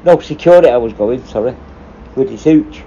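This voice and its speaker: A former prison officer tells rambling stories in casual chat, cursing constantly, his medium-pitched, dark voice fairly quick with lively intonation. The recording is dull and lo-fi, with faint noise.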